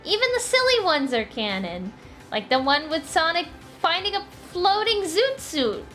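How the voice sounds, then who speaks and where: A woman streamer reading comics aloud in a casual live stream, chatty and playful with quick asides. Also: very high voice, sing-song, fairly bright tone, faint music behind.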